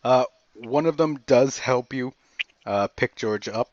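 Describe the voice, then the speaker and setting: A man narrating as game master of a tabletop game in a casual, halting way. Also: medium pitch, a little mellow, dry recording, lo-fi sound.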